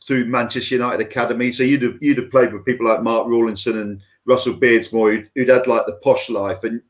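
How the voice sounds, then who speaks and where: A man's voice: mid-range voice, steady tone, a little fast. A male podcast host with an ordinary mid-range voice asks rambling questions. He hesitates and restarts, with plenty of fillers. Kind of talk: casual interview questions.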